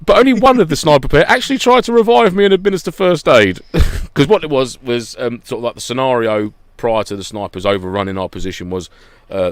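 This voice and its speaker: A low-pitched man chatting on a podcast, telling animated stories and laughing a lot as he acts out quotes. The sound is close and dry, with no room around it. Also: no echo. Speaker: podcast co-host. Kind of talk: casual podcast chat.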